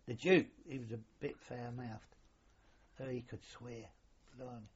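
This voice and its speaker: Older man, husky, plain middle pitch, rambling chatty storyteller, dull lo-fi recording. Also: steady tone, measured pace. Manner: rambling, colloquial, mild swearing. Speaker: interviewee, former royal yacht sailor. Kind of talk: casual reminiscing.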